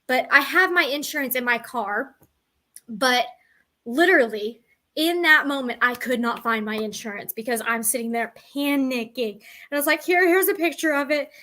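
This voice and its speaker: A young woman vlogger, her voice a little high and a bit bright, tells her audience a personal story to camera. She rambles casually and pokes fun at herself along the way.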